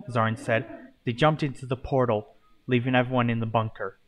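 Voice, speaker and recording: A man reading his own fan story aloud in a plain, brisk storyteller's delivery. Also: medium pitch, fairly even intonation.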